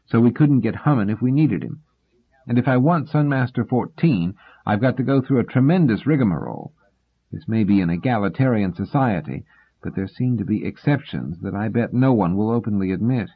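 A man reading the lines of a wry, scholarly grown man, earnest and a bit exasperated, in a husky voice. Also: fairly low pitch, lively intonation, moderate pace. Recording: tinny phone-like sound.

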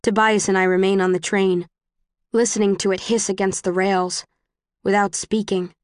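A woman reading a first-person audiobook in an even, plain storytelling voice. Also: mid-range voice, moderate pace, smooth, no echo, clean studio sound. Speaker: audiobook narrator.

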